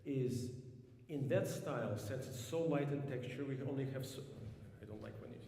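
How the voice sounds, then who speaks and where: A man teaches a piano master class, his mellow voice ringing through a large, echoing hall. He talks thoughtfully, clears his throat often, and sings snatches of music to make his point. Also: medium pitch, moderate pace, a little hiss or hum. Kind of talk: coaching a student at the piano.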